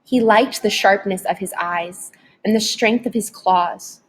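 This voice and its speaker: Breathy woman reading a storybook chapter. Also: mid-range voice, unhurried. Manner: dramatic, varied storytelling delivery. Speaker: audiobook narrator. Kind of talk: expressive audiobook reading.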